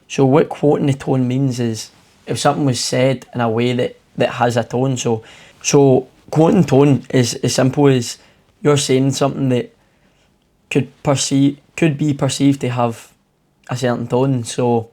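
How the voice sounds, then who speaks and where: A man's voice: mid-range voice, fairly even intonation, moderate pace, darkish tone. Casual male tutor explaining exam answers. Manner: informal, rambling explanations with fillers. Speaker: English tutor. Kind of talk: exam walkthrough lesson.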